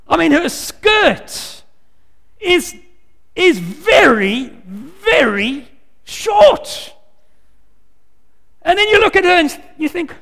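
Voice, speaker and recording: A man's voice: very high voice, very animated, slow pace, creaky, pushed and bright. A man preaching a sermon, telling a story with lots of repeated words. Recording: long hall reverb.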